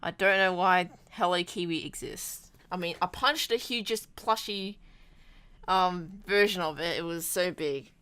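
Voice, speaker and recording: A woman's voice: on the low side, unhurried, pushed and bright, smooth. A young woman rambling casually in a video blog, full of restarts and self-deprecating asides. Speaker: vlogger. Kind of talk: rambling travel vlog chat.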